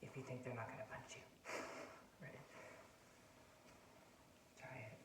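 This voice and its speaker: A woman's voice: a bass voice, flat delivery, slow pace, background noise. A woman giving casual advice, rambling and repeating herself, often dropping to a whisper. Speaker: self-help video host. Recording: roomy sound, distant from the mic, faint ambience.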